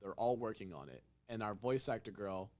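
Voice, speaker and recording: Young male podcast host, low voice, animated storyteller who acts out lines. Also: a little fast. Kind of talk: casual chat.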